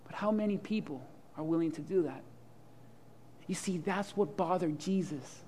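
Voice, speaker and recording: A man preaching a sermon with humor and imagined dialogue, swinging from loud to hushed. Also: high-pitched, normal speed, slight background noise. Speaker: pastor.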